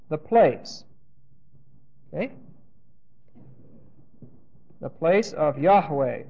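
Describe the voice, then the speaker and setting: A man's voice: sits high, darkish tone. A man teaching a Bible class, thinking aloud with restarts and often checking in with "Okay?". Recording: dull lo-fi recording.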